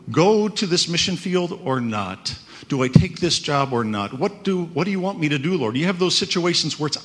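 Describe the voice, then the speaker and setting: A man's voice: a little high, fairly bright tone. A man preaching a conversational sermon, often checking in with "right?". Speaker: pastor.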